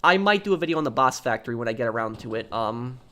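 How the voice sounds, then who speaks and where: A young man talks through a casual live stream in a plain, middle-pitched voice. He rambles, restarts his sentences and fills every gap with ums and uhs as he answers viewers. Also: animated, fast, bright, forceful tone, a little hiss or hum. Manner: rambling, many ums and uhs, repeats himself.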